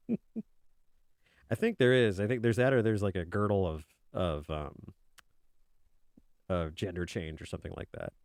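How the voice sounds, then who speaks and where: A man's voice: low voice, animated, measured pace, creaky, pauses often, darkish tone, dry recording, clean studio sound. A man chatting casually on a stream, rambling and joking as if he were a kobold. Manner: rambling, joking, speaks as a kobold in his own voice. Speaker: art streamer. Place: indoors at a desk.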